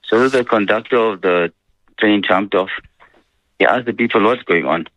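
Deep-voiced male scholar on radio. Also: moderate pace, dull audio. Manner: steady, conversational with frequent fillers. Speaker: religious scholar guest. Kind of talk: radio advice answers.

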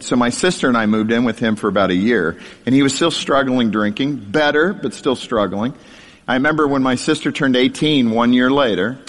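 A man's voice: fairly low pitch, long reverb tail. A man giving a sermon testimony, telling his childhood story with wry, self-deprecating humor. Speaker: speaker sharing his testimony.

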